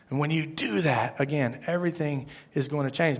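A man preaching a sermon as pastor, talking to the congregation conversationally, with restarts and sudden loud rises. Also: a little high, fairly quick, hardly any pauses.

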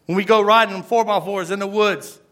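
This Florida pastor has a high-pitched, slightly bright voice with fairly even intonation and a fairly quick pace. He preaches emphatically, repeating his phrases and asking the crowd "right?"

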